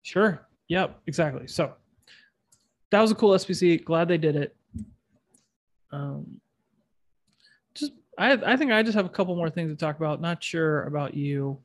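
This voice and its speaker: A man's voice: on the high side, animated, normal speed, long pauses. A man hosting a casual podcast chat, with a nasal voice and a rambling, self-deprecating way of talking. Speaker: podcast host.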